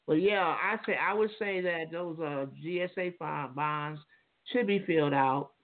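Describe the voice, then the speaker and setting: Guy on a phone line rambling thru an explanation, kinda high voice, lecturing. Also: a little slow. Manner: lecturing, rambling with many restarts. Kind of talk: call-in radio explanation.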